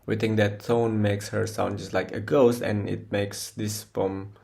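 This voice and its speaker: A man, a non-native English speaker, presenting a poem analysis for class, halting often with fillers and restarts. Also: on the low side, level tone, creaky, darkish tone. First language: Indonesian. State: short of breath.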